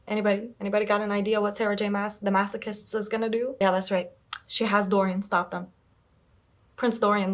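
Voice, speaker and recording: A young woman in a casual reading vlog, chattily rambling through a plot recap with lots of filler words. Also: medium pitch. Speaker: book vlogger.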